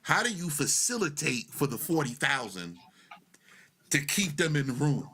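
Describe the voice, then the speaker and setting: Male podcast host, Arabic accent, high bright voice, animated storyteller. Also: normal speed, a little hiss or hum. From Arab world. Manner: animated storytelling, laughs often. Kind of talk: casual interview chat.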